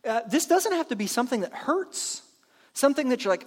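High-voiced man preaching in a reverberant hall. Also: sing-song. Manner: conversational, acts out imagined churchgoers in quick asides. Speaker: pastor. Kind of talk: sermon. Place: church sanctuary.

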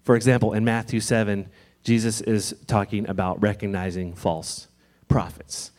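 Low-ish guy preaching a chatty reassuring sermon in church. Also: level tone, normal speed. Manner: conversational and gently reassuring, reads scripture aloud. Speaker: pastor.

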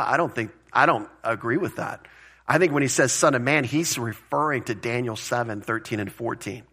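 A man preaching a conversational sermon as pastor, plain-spoken and animated, with joking asides. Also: mid-range voice, husky.

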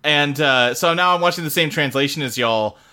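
A man's voice: on the high side, normal speed, sharp tone. A man chatting casually as a co-host, laid-back and agreeable, laughing often. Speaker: podcast co-host. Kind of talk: casual chat.

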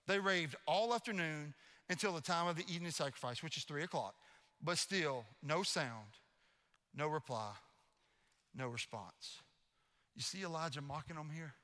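A man preaching a sermon as pastor, telling stories in an animated, playfully mocking way. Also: on the high side, in a large hall. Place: church sanctuary.

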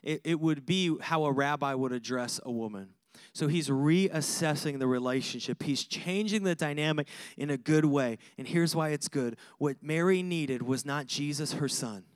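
A male pastor delivering a lively sermon that moves from chatty asides and laughter to punchy, repeated lists. His voice sits high for a man, and the sound is dry and close, with almost no room echo. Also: moderate pace. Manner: animated, conversational preaching with laughs and repeated lists.

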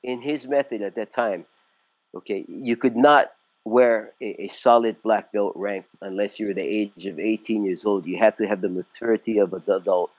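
A man's voice: on the low side, fairly even intonation, normal speed, darkish tone, dry recording, muffled recording. A man in his sixties from California, telling his story in a casual interview, rambling with many fillers and restarts. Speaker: martial arts instructor, interview guest.

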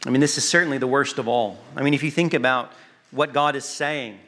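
A man preaching a sermon, earnest and emphatic, pausing to stress words and sometimes restarting a phrase. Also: mid-range voice, sharp tone.

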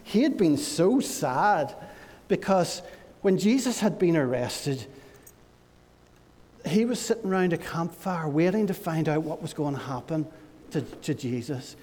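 A man leading a church service as pastor, telling a playful, animated story to children. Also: a little high, measured pace, long reverb tail.

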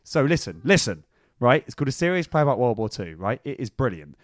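A man's voice: mid-range voice, big pitch swings, fast talker. A man hosts a comedy podcast with loose, rambling banter and a bit of swearing. His voice sounds dry and close, with little room echo. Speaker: podcast host. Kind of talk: casual comedy chat. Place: bedroom in a rented flat.

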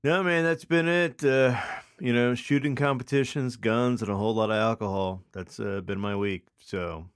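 Male podcast cohost, smooth lowish voice, dry sound, rambling relaxed chat. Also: normal speed, hardly any pauses, dry recording. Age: adult, has children. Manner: rambling, filler-heavy, relaxed. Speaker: podcast co-host. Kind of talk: casual chat.

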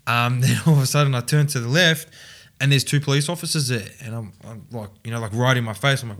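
A man's voice: mid-range voice, fast talker, a bit bright. A man telling his own story in a casual interview, rambling with many fillers and restarts and frequent laughs. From Australia. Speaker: podcast guest.

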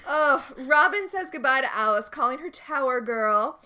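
A woman's voice: high-pitched, moderate pace, a little hiss or hum. A woman co-hosting a podcast, chatting casually and sarcastically as she recaps a TV episode. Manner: sarcastic, animated. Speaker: podcast co-host.

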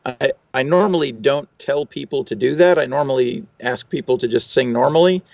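A man's voice: mid-range voice, fairly quick, creaky, darkish tone, no echo, lo-fi sound. A man, a recording engineer, answering interview questions in a thoughtful, technical way with fillers and restarts.

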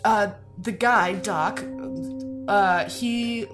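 A woman's voice: medium pitch, drawn-out words, music in the background. A young woman casually recapping a film plot, giggling, rambling and swearing freely as she goes. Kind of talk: casual chat.

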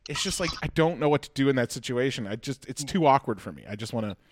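A man's voice: mid-range voice, expressive, quick pace, slight background noise. A man from Halifax, a comedian and podcast host rambling in casual chat, swearing freely and mocking himself. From Halifax, Canada. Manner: rambling, profane, self-mocking.

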